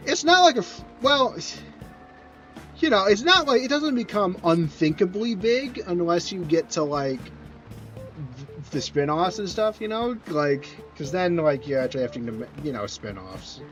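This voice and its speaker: Rambling man streamer, lively voice. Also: sits high, unhurried, highs cut off, faint music behind. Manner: rambling, self-correcting, answers chat questions. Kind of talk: casual chat while streaming a game.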